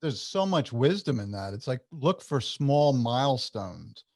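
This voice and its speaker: Man, interviewer, calm and reflective, dry close sound. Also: mid-range voice, unhurried, no room sound. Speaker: host. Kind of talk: interview questions.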